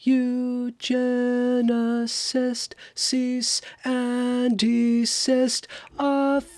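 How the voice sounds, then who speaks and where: A man singing a musical parody in a cartoony put-on voice, playing indignant young college student protesters with drawn-out sing-song notes. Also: very high voice, completely flat delivery, a little mellow, no echo, voice pushed up, exaggerated voice. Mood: shrill.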